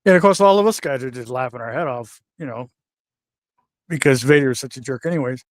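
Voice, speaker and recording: An older man telling backstage stories in a casual, animated way, acting out the voices of the people in them. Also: medium pitch, a little fast, no echo, clean studio sound. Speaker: guest wrestler telling stories. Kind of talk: casual storytelling.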